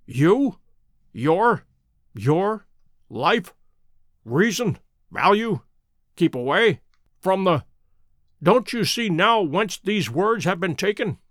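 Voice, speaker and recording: A man voicing a keen, self-assured detective who speaks crisply and precisely, in a dry close recording. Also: high voice, expressive, unhurried, few pauses, fairly bright tone, dry recording. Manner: crisp, precise and pleased with himself.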